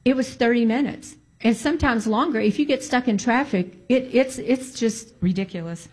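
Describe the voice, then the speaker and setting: A woman gives a personal testimony in a casual, conversational way, animated and emphatic, repeating key points for stress. Her storytelling breaks into prayerful exclamations, her voice on the high side at a moderate pace with few pauses.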